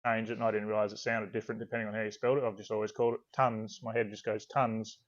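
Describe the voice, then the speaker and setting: An Australian author talking casually in an interview, a relaxed, rambling storyteller who swears now and then. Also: male voice, on the low side, rapid-fire, muffled recording. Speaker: author guest. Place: video call.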